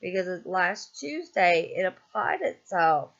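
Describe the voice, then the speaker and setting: A vlogger vents in a casual monologue, captured on a dull lo-fi recording, with a slightly bright, medium-pitched voice that's very animated yet measured in pace. The angry, exasperated rant is thick with swearing and sounds weary and fed up.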